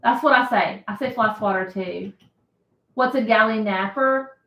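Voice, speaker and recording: A woman's voice: on the high side, measured pace, a bit bright. Chatty woman hosting a live stream. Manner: chatty, laughs often, reads viewer comments aloud. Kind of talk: casual live-stream chat. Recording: roomy echo.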